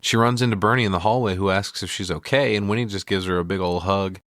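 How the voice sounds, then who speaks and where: Male podcast co-host, low voice, casual and profane, does the characters' lines while recapping. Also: fast talker, a bit bright, no room sound, clean studio sound. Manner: retells scenes acting out quoted lines, swears casually. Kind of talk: casual movie recap chat. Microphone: studio podcast mic.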